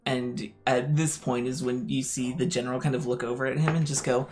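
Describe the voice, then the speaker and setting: A man narrating as game master, halting with many fillers. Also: medium pitch, flat delivery, darkish tone, faint music behind.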